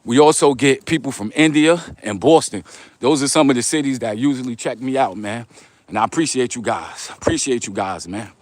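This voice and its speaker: A middle-aged man with a New York accent talks casually into a phone as he walks down a street outdoors. He reads viewer comments aloud and answers them in relaxed, streetwise slang, in a voice of ordinary middle pitch. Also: a little fast, no room sound. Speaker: vlogger reading live chat. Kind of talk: casual livestream chat while walking.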